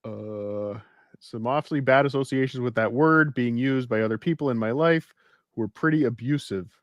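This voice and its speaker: A man co-hosting a casual podcast, reading a story aloud with wry, deadpan asides. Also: mid-range voice, normal speed, no echo, dull audio. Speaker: podcast co-host.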